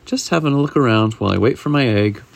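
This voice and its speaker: A man voicing a fussy, hungry male health inspector from a storybook, in a slow, musing way, with a gravelly edge to his voice. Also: medium pitch.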